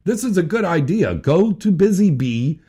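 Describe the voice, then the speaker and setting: A man's voice: high voice, big pitch swings, normal speed, warm tone, slightly rough. A man hosting a late-night talk radio show, chatting loosely and joking with his guests and callers. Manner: loose, joking, laughs often. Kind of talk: casual talk radio chat.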